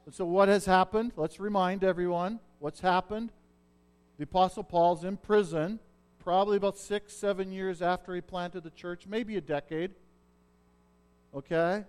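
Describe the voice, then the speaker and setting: A middle-aged man with a notably high voice preaches a sermon. He talks like he's chatting with the congregation and often stops to ask if they're following. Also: steady tone, normal speed, darkish tone, clear, resonant tone. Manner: conversational preaching, checks in with listeners. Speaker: pastor.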